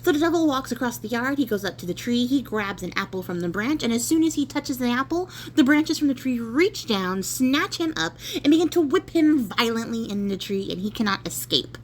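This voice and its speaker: A woman's voice: fairly high pitch, expressive, fairly quick, hardly any pauses, slight background noise. A woman telling a folk tale in a casual, chatty way, with playful asides. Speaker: storyteller. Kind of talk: casual spoken storytelling.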